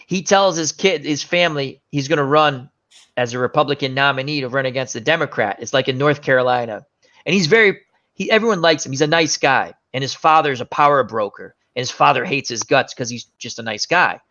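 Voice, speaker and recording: A man's voice: mid-range voice, brisk, sharp tone. A man hosting a casual chat show, telling rambling movie stories and often groping for names. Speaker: show host. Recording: dull lo-fi sound.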